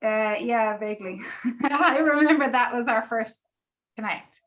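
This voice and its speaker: A woman's voice: on the high side, measured pace, fairly bright tone, lo-fi sound. A woman in a group coaching call, sharing emotionally and rambling with lots of "like" and the odd swear word, near tears. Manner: gushing, rambling, heavy on "like", swears. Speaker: participant in a group coaching session.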